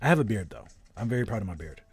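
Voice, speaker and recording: A man's voice: lowish voice, very animated, rapid-fire, breathy edge, dry recording. A man around thirty, a game streamer in casual live-stream chat, telling a rambling story while greeting viewers.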